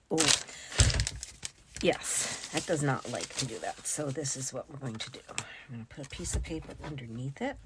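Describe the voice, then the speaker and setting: A woman narrates her crafting in a relaxed, rambling way, thinking out loud and now and then murmuring in a whisper. Her voice sits fairly low. A loud hiss of noise runs under the whole recording. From United States. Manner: chatty, thinks aloud, drops to whispers while working. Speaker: crafting vlogger.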